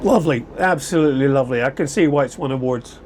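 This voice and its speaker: A man's voice: mid-range voice, fast talker, darkish tone, a little hiss or hum. A man vlogging casually to camera, chatty and rambling with frequent self-corrections, at home indoors. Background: air conditioner humming.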